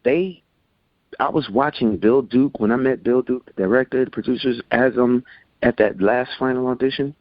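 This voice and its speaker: A man's voice: mid-range voice, moderate pace, dry recording. A man in his forties telling stories casually as an interview guest, acting out the people in them. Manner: animated, acts out quotes in voices. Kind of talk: casual storytelling. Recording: dull lo-fi sound.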